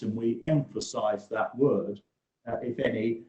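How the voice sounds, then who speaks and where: A male barrister making formal courtroom submissions over a video call, measured and hesitant, pausing often on "uh". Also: medium pitch, steady tone, darkish tone. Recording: echoey room over video link.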